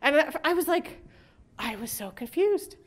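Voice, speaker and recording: A woman with a high voice talks casually to a conference audience. She is middle-aged and keeps things light with quick asides and jokes. She slips into little voices whenever she acts out other people. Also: animated. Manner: chatty, jokey, with quick asides and laughs. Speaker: conference presenter. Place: conference room with live audience.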